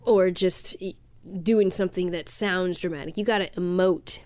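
A woman's voice: on the low side, steady tone, moderate pace, darkish tone, no room sound. A woman voice actress in a casual chat, speaking earnestly and laughing easily.

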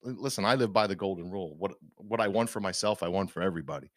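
A man's voice: deep voice, racing, no room sound, clean studio sound. A man co-hosting a casual podcast, ranting emphatically with frequent restarts. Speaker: podcast co-host. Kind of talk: casual opinion chat.

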